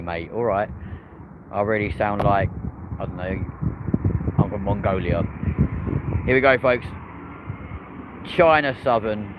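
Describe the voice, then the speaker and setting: A man's voice: lowish voice, unhurried, pauses often. A man hosting a live plane-spotting stream from a hotel rooftop by an airport, chatting with viewers and cheering on the planes as they land. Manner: chatty, banters with chat, cheers on landing planes. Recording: dull lo-fi outdoor stream audio with traffic noise.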